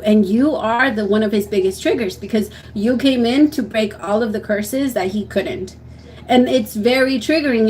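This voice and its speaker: A woman's voice: a little high, darkish tone, slight background noise, low-quality recording. A young woman giving a tarot reading on a livestream, talking in a soothing, emotional way and often restarting her sentences. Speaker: tarot reader.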